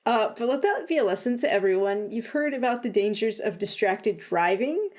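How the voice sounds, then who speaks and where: A woman's voice: on the high side, lively intonation, darkish tone. A woman co-hosting a casual podcast, teasing her co-host and giving game updates. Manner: teasing, quick to laugh, dry jokes.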